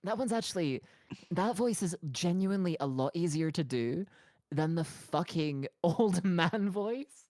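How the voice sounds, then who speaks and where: A woman's voice: lowish voice, animated, measured pace, a little mellow, dry recording, studio quality. A woman streamer chatting casually in a playful, laughing way. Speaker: vtuber streamer. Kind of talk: casual chat.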